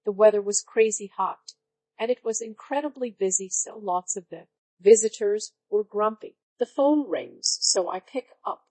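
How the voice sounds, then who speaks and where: A woman's text-to-speech voice reading online stories aloud in an even, synthetic-sounding delivery. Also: mid-range voice, normal speed, no echo, rough recording. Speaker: story narrator.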